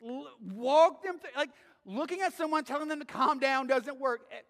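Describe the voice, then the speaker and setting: A male pastor preaching a sermon in a conversational way, often checking in with the congregation with a quick "right?". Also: extremely high pitch, fairly bright tone, in a large hall. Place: church sanctuary.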